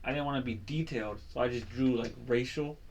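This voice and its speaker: A man's voice: medium pitch, quick pace, a little hiss or hum. A man co-hosting a casual podcast, telling rambling stories and laughing often. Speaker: podcast co-host. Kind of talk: casual chat and storytelling.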